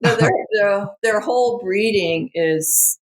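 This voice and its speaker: A woman's voice: medium pitch, takes it slowly, poor audio. A woman, a guest falconer, chiming in and finishing stories in a podcast conversation.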